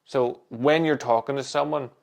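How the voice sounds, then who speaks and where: Guy doing a solo podcast, calm and measured, mid-pitched, takes his time with pauses. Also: gravelly. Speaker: podcast host.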